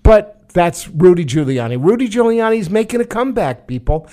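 A man's voice: high-pitched, sing-song, normal speed, dark tone. A man from New York, a former congressman, trading wry political commentary and stories in a casual chat. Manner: wry, sardonic storytelling. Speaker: show host, former congressman.

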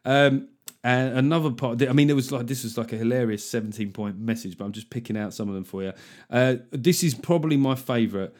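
A man's voice: medium pitch, brisk, a little mellow. Middle aged guy hosting a podcast, cracking puns, loose chatty delivery. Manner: jokey, punning, conversational. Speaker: podcast host. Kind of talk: casual comedic chat.

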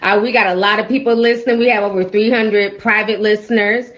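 A woman's voice: medium pitch, fairly even intonation, brisk. A middle-aged woman hosting a live call-in chat room, teasing, laughing often and calling people honey. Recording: dull lo-fi online audio.

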